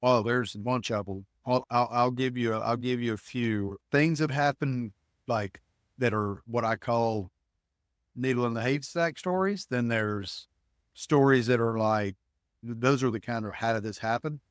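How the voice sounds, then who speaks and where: A middle-aged ticket broker from Alabama, guesting on a podcast interview, tells animated anecdotes full of restarts and acted-out dialogue. His mid-range voice is unhurried and clean, recorded dry in a clean studio.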